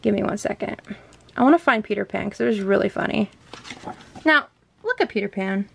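This book vlogger, a young woman by a bookshelf in a room at home, chats excitedly about her shelves and laughs often. She speaks briskly in an expressive, creaky, medium-pitched voice.

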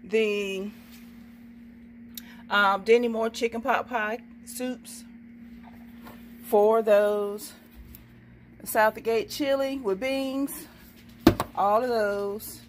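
Showing off a shopping haul, a middle-aged woman vlogger reads every price from her receipt and chats in a folksy way, saying "okay, baby" to herself. She speaks high with fairly even intonation, drawing out words and pausing at length, over slight background noise.

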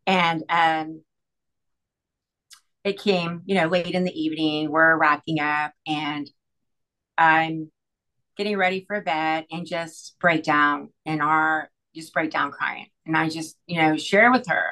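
A middle-aged woman telling an emotional personal story as an interview guest, earnest and halting, with many restarts. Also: sits low, fairly even intonation, pushed and bright, rough recording. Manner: earnest, halting, full of "you know" and restarts.

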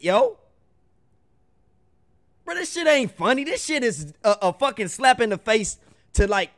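A young man hosting a music reaction video, ranting casually in slang and swearing in exasperation. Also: high voice. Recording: faint music behind the voice.

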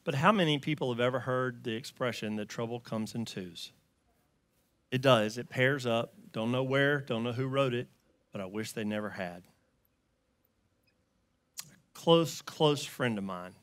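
A male pastor with a Southern US accent preaches in a storytelling way. His tone is bright and forward. The sound is dry and close, and he swings from loud, emphatic lines to quiet, hushed ones. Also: medium pitch, a little slow, pauses often, dry recording. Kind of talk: sermon.

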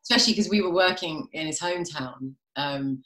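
A woman's voice: deep voice, brisk, fairly bright tone, reverberant. A British woman in her thirties, a guest actress chatting casually about her work with frequent laughter. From England. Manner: chatty, self-deprecating, laughs often. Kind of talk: casual chat. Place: home during quarantine, video call.

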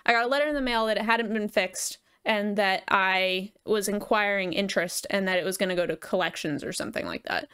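A woman's voice: mid-range voice, a little fast, few pauses, fairly bright tone, smooth. Chatty, rambling woman streamer. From United States. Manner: chatty, rambling, laughs a lot. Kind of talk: casual live gaming chat.

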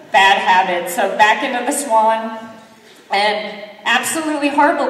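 A middle-aged woman giving a keynote talk, telling a story in an animated, self-mocking way and acting out the voices of others. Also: fairly high pitch, slight background noise. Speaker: keynote speaker. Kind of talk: lively storytelling speech. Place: large sports hall. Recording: echoey hall from far off.

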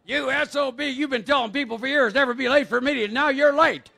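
Man doing a shrill berating inner voice, shouting, gravelly edge. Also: fast talker, heavily acted. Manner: shouting insults, mocking.

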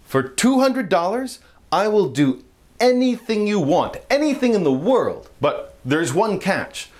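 A man's voice: sits high, big pitch swings, unhurried, a little mellow. A man voicing a brash, flirty female prostitute in a told joke, bargaining in a brassy way.

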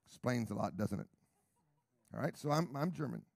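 Gravelly, emphatic male preacher. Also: mid-range voice, expressive, moderate pace, no echo. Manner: emphatic, repeats questions to the crowd, swings from whispers to loud. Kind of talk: sermon.

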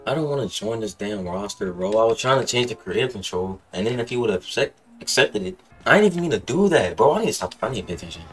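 A young man hosting casual gameplay commentary, excitable and profane, rambling and saying "bro" constantly. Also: fairly low pitch, fast, hardly any pauses, soft background music. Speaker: gaming channel host.

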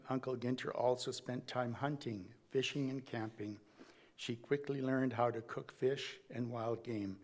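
A man giving a eulogy in a church, reading from notes at a measured pace with small slips and restarts. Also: mid-range voice, darkish tone. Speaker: family member giving a eulogy.

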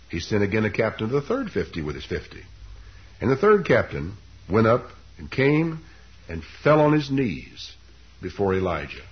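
A man preaching a sermon, telling a scripture story with lively, dramatic delivery. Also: husky, highs cut off. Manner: animated storytelling, leaps up in pitch for quoted lines.

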